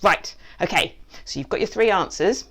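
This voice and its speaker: Animated woman hosting a kids' quiz. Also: medium pitch, normal speed, husky. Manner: animated, jokey, with mock accents and asides. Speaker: quiz host, children's author. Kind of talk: playful quiz for children. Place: basement at home.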